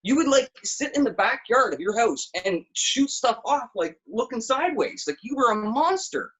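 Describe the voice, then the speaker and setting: A man's voice: very high voice, moderate pace, breathy edge, low-quality recording. A man as a podcast guest, telling profane stories in casual chat. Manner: animated, profane storytelling.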